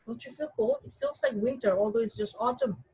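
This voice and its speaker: A woman's voice: wildly swooping pitch, brisk, gravelly, a little mellow, husky, heavily acted. A woman doing a sweet, drawling schoolmistress. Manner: high sugary drawl. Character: sweet affected female science teacher.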